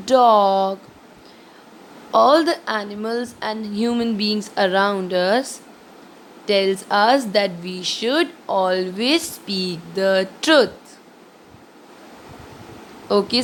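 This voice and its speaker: A woman teacher giving a classroom lesson, asking students questions and explaining slowly. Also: medium pitch, a little hiss or hum. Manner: slow, questioning, addresses students directly. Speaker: school teacher.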